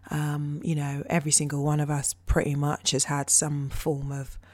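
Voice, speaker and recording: A woman telling a personal story in a casual monologue, hesitant and reflective, with frequent pauses. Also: deep voice, darkish tone, no room sound, studio quality.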